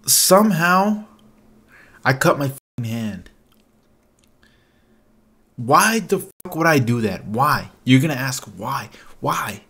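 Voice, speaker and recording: A man's voice: mid-range voice, animated, slow pace, pauses often, pushed and bright, breathy edge. Rambling, profane young man telling a story. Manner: rambling, profane, full of "like" fillers. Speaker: vlogger. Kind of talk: casual storytime.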